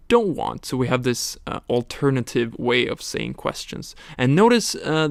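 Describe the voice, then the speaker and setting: A man teaching a recorded language lesson, slowly explaining words, tones and examples. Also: mid-range voice, creaky, no room sound.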